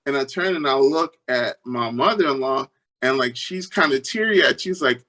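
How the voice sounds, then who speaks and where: In a storytelling interview, the male guest talks at normal speed, telling his stories earnestly. He restarts sentences a lot and jumps into high, spirited voices when quoting others.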